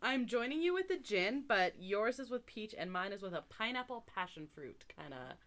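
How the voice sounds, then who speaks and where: This is a woman from Canada co-hosting a casual podcast with teasing banter. She laughs often. Her voice is bright and moves up and down a lot. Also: mid-range voice, big pitch swings, moderate pace. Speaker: podcast co-host. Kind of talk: casual chat.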